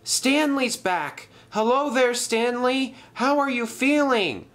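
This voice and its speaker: A man's voice: very high-pitched, expressive, takes it slowly, a bit bright, voice pushed up, full character voice. A man voicing a nervous young male engine who talks in a breathless, fussing way. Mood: relieved.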